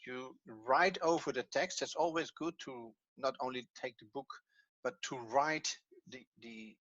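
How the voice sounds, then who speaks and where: A man leads an evening class, walking through each point one step at a time and pausing to think aloud. His voice is bright and forward. The sound is dry and a little dull, like a lo-fi recording. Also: medium pitch, no room sound. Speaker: Hebrew teacher.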